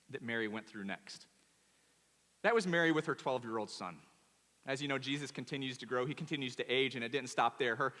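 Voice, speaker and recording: A male pastor preaching a sermon in a church, animated and emphatic, often repeating words. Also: fairly high pitch. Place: church auditorium. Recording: long church hall reverb.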